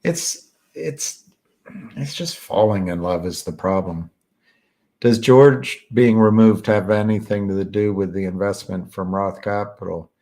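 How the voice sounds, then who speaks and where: A man with a lowish voice talks in a loose, rambling way, as if reading and answering comments on a live stream. He speaks slowly, often stalling mid-sentence and hunting for a word with ums and uhs. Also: steady tone, dark tone. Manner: halting, searches for words with many fillers. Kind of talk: casual rambling chat.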